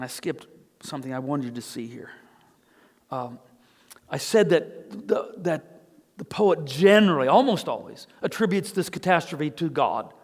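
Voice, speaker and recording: A man with a high voice preaches in a church, his words trailing off into a long reverb. He reads scripture passages with growing intensity, speaking earnestly as a pastor to his congregation. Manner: earnest, reads scripture aloud with rising emotion. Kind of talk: sermon. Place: church sanctuary.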